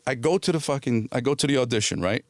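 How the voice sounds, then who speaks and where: A middle-aged man with an average male pitch tells stories as an interview guest, talking fast. He acts out the dialogue he quotes, restarts often and swears a little casually, and the sound is close and dry with no room echo.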